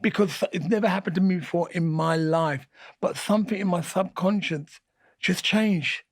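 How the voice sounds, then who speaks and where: A man in his sixties, a boxing guest telling fight stories in an energetic, animated way and repeating his phrases. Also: sits high, normal speed, dry recording, clean studio sound. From England. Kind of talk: animated storytelling interview.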